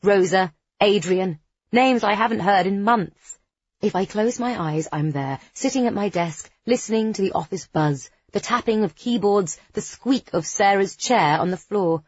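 A woman narrating a first-person novel in an expressive, lively reading. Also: mid-range voice, normal speed, slightly rough, dry recording, highs cut off. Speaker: audiobook narrator.

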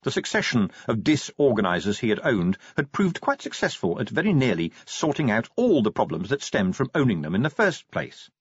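A man narrating an audiobook with an expressive, varied delivery. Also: medium pitch, a little fast, few pauses, breathy edge, no room sound. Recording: dull, muffled dry recording.

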